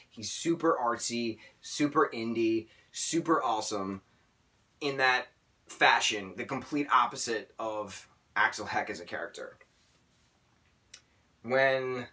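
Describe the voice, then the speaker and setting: A man's voice: mid-range voice, sharp tone, recorded from a distance. A man in his late twenties talking casually in a vlog, emotional and rambling, often restarting his sentences. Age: late 20s. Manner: emotional, rambling, self-correcting. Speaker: vlogger.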